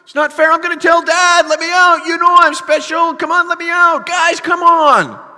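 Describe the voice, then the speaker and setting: A pastor voicing a panicked young man who yells and pleads to be freed, in a high frantic voice. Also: steady tone, normal speed, in a large hall, full character voice. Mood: frantic pleading.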